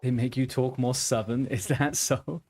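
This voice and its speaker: A young game streamer chats loosely with viewers while he plays, rambling from joke to joke in an easygoing, playful way. His voice sits at an ordinary middle pitch, slightly mellow, with fairly even intonation and a moderate pace, and there's a little hiss or hum.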